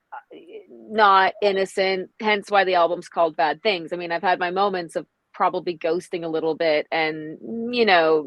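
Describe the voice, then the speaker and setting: A woman's voice: lowish voice, no room sound, highs cut off. Chatty woman singer in a casual interview. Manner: chatty, many "like"s and "you know"s. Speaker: singer guest.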